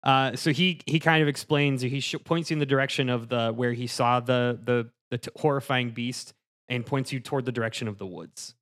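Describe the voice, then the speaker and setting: A man narrating a tabletop game as game master, casual and halting, with lots of fillers. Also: medium pitch, fairly even intonation, fairly bright tone.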